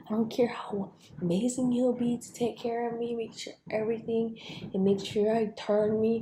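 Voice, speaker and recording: A woman's voice: on the high side, steady tone, normal speed, mellow, a little hiss or hum. A young woman vlogger telling a personal story in a rambling, frustrated way, sometimes dropping into a whisper.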